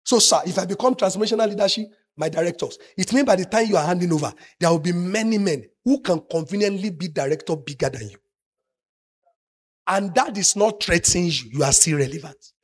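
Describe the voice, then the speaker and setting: A man preaching a sermon, moving from quiet, confiding asides to loud, shouted emphasis. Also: high voice, a little fast, slightly rough. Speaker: pastor.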